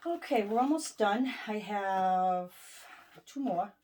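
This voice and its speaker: In her home sewing room, a stitching vlogger with a Boston accent casually shows off her needlework projects, full of ums and restarts. Her mid-range voice is animated yet slow-paced, with a darkish tone, in a relaxed show-and-tell chat.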